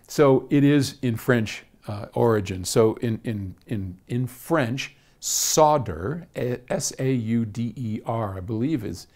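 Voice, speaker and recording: A man's voice: mid-range voice, gravelly, darkish tone. An older American man answering a viewer's question in a casual, chatty way, laughing at himself and often restarting his sentences. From United States. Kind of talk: casual video Q&A.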